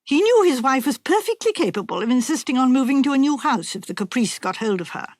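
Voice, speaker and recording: A woman narrating a mystery audiobook in a measured, even storytelling manner. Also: sits high, no room sound, clean studio sound. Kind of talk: scripted narration.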